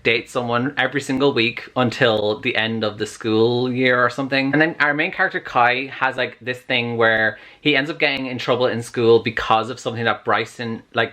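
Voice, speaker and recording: A young man chats excitedly to camera from his reading nook at home, his voice bright and crisp. He speaks loosely, full of fillers, in casual book-vlog style. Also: mid-range voice. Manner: chatty and excitable, lots of "like". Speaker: book vlogger.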